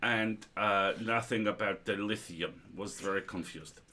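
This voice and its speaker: A man hosting a livestream chat, an animated storyteller who acts out quotes. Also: on the low side, a little slow, slight background noise. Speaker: podcast host.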